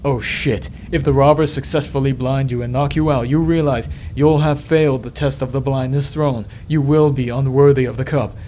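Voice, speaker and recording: A man hosting a let's play, reading game text aloud in a measured, dramatic way and adding his own commentary. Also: fairly even intonation, warm tone, a little hiss or hum. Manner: measured dramatic reading, dropping low and slow on ominous lines.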